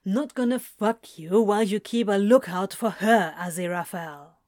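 A woman voicing a sardonic male demon who talks in flat, blunt mutters. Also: medium pitch, slow pace, no echo, clean studio sound. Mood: curt.

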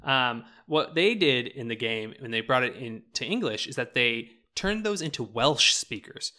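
Man, bright tone, animated casual chat, filler-heavy, laughs often. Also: mid-range voice, moderate pace. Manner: animated, lots of "like" and "right?" fillers, laughs while talking. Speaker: podcast co-host.

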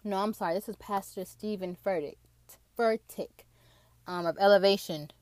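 A woman's voice: medium pitch, moderate pace, no room sound. A young woman telling a personal faith testimony in a casual, emotional way, often saying "like". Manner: emotional, excited, fills with "like".

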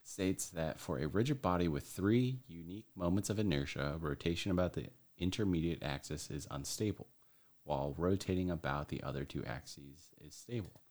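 A man's voice: deep voice, normal speed, a little mellow. A man co-hosting a casual podcast, joking, swearing freely and laughing often. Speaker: podcast co-host.

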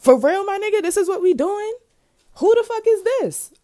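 A woman doing a shrill, furious young woman. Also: animated, moderate pace. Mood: confrontational. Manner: loud, accusing street slang. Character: angry young woman confronting her man.

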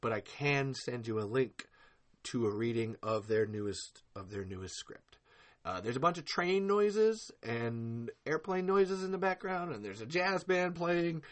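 A young man hosting a podcast, ranting angrily and profanely on a live stream, repeating curses and trailing off mid-sentence. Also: medium pitch. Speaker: podcast host. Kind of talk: angry live-stream rant.

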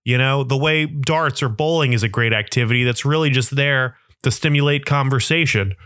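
A man's voice: medium pitch, moderate pace, fairly bright tone, no echo, clean studio sound. A young adult man telling comic stories in a rambling, self-deprecating way. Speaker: comedian. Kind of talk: comedic monologue.

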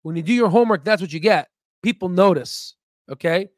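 A man hosting a stock market video in casual screen-share commentary, rambling and repeating himself, emphatic and excitable as he promotes his own work. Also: high voice, a little fast, no echo, clean studio sound.

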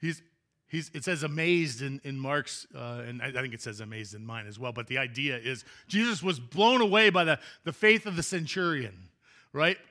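A man's voice: medium pitch, expressive, moderate pace, bright, forceful tone. A male pastor giving a chatty, interactive sermon in a church sanctuary, joking with the congregation and often restarting his sentences.

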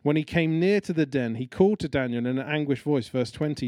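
Guy giving a chatty sermon, mellow warm voice, dry close sound, acts out the characters. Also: on the high side, fairly quick, few pauses, dry recording. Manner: conversational, animated storytelling with acted-out quotes. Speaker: preacher.

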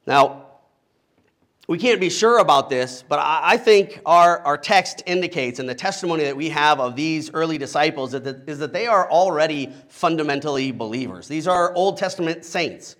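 A middle-aged man preaching in an easy, conversational way, his voice sitting a little higher than most men's. He breaks up his teaching with playful asides and keeps checking in with a quick "right?" to his listeners. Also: a bit bright. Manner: casual, humorous asides, frequent rhetorical "right?". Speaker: pastor. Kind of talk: conversational expository sermon.

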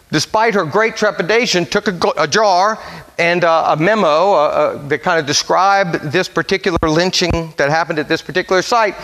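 A pastor with a somewhat high voice tells a story from the pulpit during a sermon, easing into quiet, solemn phrases. Long hall reverb surrounds his voice.

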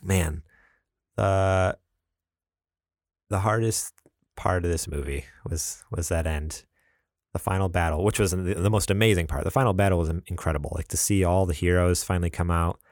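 A man co-hosting a casual podcast chat, talking animatedly and acting out scenes with quick quoted voices and laughs. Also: deep voice, darkish tone, dry recording, studio quality. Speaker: podcast co-host.

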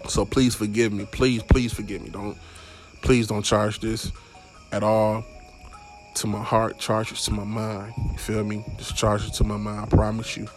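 A man's voice: fairly low pitch, little pitch movement, moderate pace, faint music behind. A young man hosting a casual solo podcast, rambling and stumbling over his words with frequent swearing. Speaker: podcast host.

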